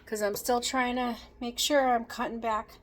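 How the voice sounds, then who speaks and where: A woman's voice: on the high side, fairly even intonation, normal speed. A woman vlogger chatting casually and rambling through a film's plot, full of fillers and restarts, acting out the characters' lines. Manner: rambling, many fillers and restarts, acts out quotes. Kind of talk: casual chat recapping a film.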